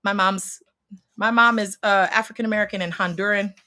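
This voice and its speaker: A woman in her thirties on a casual stream, telling a personal story with loud, expressive outbursts and plenty of swearing. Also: medium pitch, a little fast. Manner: expressive, swears freely, acts out scenes with sudden loud outbursts. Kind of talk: casual chat, animated storytelling.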